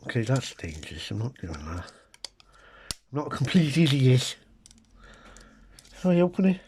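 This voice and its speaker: A man's voice: medium pitch, sing-song, normal speed, warm tone, a little hiss or hum. A middle-aged man from Britain chatting casually to camera while taste-testing food, with wry, muttered asides to his viewers. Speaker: food vlogger. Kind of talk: casual comic taste-test chat to camera.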